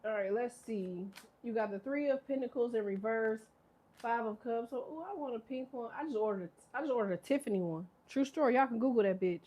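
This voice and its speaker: A woman's voice: a little high, a little fast, warm tone. A woman in her thirties giving a casual tarot reading, rambling, profane and laughing often. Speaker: tarot reader. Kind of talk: casual live tarot chat.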